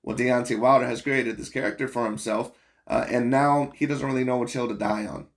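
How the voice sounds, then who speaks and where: A man's voice: medium pitch, steady tone, a little fast. A man hosting a boxing commentary channel, talking bluntly and profanely in a rambling, casual rant full of fillers.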